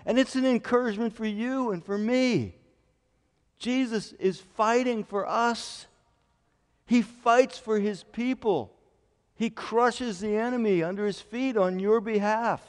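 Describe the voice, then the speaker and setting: A male pastor preaching a sermon, quoting scripture at length and rising to loud, emphatic declarations. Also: sits high, a little slow. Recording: long hall reverb.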